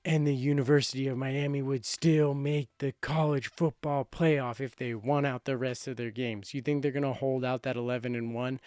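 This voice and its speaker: A man's voice: medium pitch, a little mellow, smooth, no echo, studio quality. A man in his thirties hosting a sports show, making playful, boastful predictions in a casual chat. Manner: boastful, playful, self-correcting.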